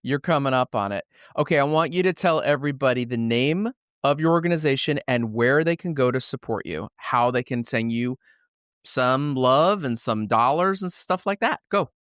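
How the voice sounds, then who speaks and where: A man's voice: mid-range voice, lively intonation, moderate pace, fairly bright tone, no room sound, studio quality. A man hosting a casual interview show, upbeat and joking as he leads his guest through set questions. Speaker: podcast host.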